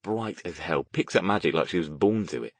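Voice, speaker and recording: A man's voice: low voice, animated, brisk, dry recording. A man voicing a reserved male mage, dry and muttering.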